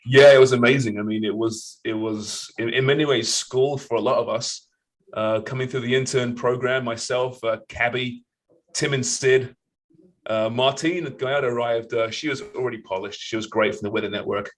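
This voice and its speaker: A man's voice: mid-range voice, fairly even intonation, moderate pace, low-quality recording. A middle-aged man as a podcast guest in casual interview chat, easygoing, laughing and self-deprecating.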